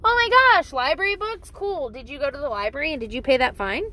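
A woman's voice: animated, fast talker. A woman voicing a dad who comes home and exclaims in surprise. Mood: excited. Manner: exclaiming, high and loud.

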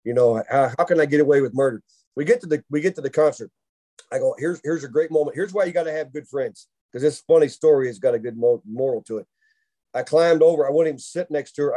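Male podcast host, mellow tone, animated storyteller who laughs along. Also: a little high. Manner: animated storyteller who laughs through his own tale. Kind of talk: casual storytelling chat.

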